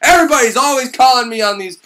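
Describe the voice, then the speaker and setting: A man's voice: very high voice, fast, pushed and bright, voice pushed up. A man voicing a sheepish king of the gods making excuses in a casual, whiny way.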